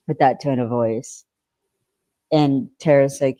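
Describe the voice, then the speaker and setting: A woman co-hosting a podcast, recapping an episode in rambling casual chat and acting out quoted lines, clearing her throat now and then. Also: a bass voice, steady tone, a little slow, dark tone, no room sound. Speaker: podcast co-host.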